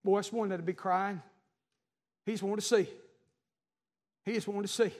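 A man preaching a fervent sermon to his church, swinging from shouts to hushed, pleading tones. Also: sits high, fairly even intonation, moderate pace, big-room sound. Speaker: pastor. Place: church sanctuary.

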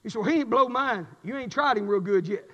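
A man preaching a sermon with a fervent, repetitive cadence, swinging from shouts to low, intense passages. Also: fast talker. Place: church sanctuary. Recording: dull recording with long hall reverb.

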